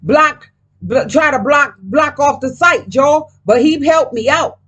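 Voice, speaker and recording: A woman's voice: high-pitched, a little slow, a bit bright. A woman vlogger talking casually while reading tarot cards, profane and emphatic, rambling and speaking straight to her viewers.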